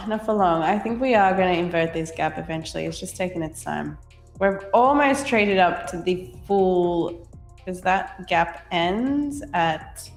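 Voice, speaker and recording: A woman's voice: on the low side, reverberant. A woman with an Australian accent co-hosting a live stream, chatting casually, laughing often and reading the chat aloud. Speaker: livestream co-host.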